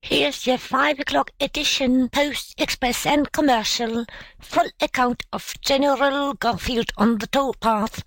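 Young street newsboys call out their papers in high, sing-song cries, as a woman reads them aloud. The calls are bright and insistent. The sound is dry and close. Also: fairly even intonation, a little slow, no echo, rough recording. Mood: hawking.

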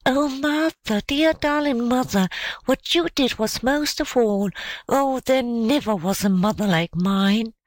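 A woman's voice: fairly high pitch, measured pace, dry recording, voice pushed up, lightly acted. A woman voicing a shy, overjoyed little girl who speaks in a breathless, gushing way. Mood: loving.

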